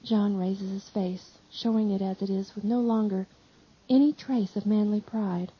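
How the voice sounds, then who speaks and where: A woman reading a devotional text aloud in measured, solemn narration. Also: medium pitch, fairly even intonation, slightly rough. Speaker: audiobook reader. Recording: slightly dull lo-fi audio.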